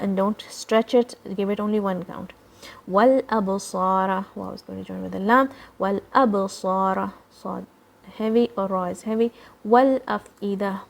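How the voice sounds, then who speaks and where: A woman teaching children Quran recitation, patiently explaining each sound and modeling words slowly for them to copy. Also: medium pitch, gravelly. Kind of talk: children's tajweed lesson.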